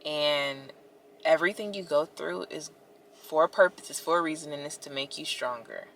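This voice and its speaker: Bright-voiced young woman venting to viewers. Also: deep voice, normal speed, slight background noise. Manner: expressive, talks to viewers directly, many "like"s. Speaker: vlogger. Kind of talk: casual storytime vlog.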